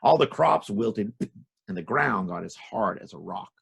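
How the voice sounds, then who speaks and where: A man telling folktales to children in a lively, animated way, adding sound effects. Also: lowish voice, unhurried, gravelly, husky. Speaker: storyteller.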